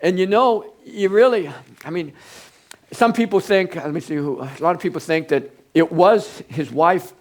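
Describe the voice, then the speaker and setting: An older man leading a plain, informal Bible study. He talks in halting bursts, restarting phrases and wandering, his voice sitting a little high for a man. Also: a little mellow. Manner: halting, rambling, many restarts. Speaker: preacher.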